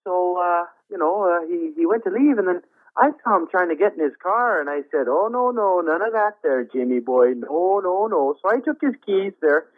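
A man's voice: high voice, animated, dry recording. A man playing an older rock roadie who tells rambling, folksy stories with frequent chuckles in a comedy phone interview. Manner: drawn-out anticlimactic storytelling. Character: rambling old male rock roadie, folksy and easily amused. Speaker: phone-in guest. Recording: tinny dry phone line.

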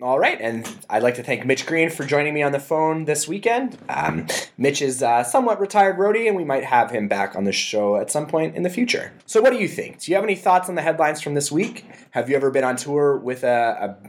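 A man hosting a comedy podcast interview, prodding his guest in a deadpan, polite way. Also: fairly high pitch, fairly quick. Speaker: podcast host.

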